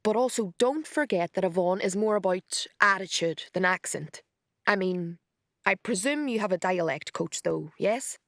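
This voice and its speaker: A woman's voice: medium pitch, expressive, normal speed, fairly bright tone, dry recording, studio quality. A woman voicing an awkward, eager-to-please man who stammers his reassurances, in a storybook reading. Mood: earnest.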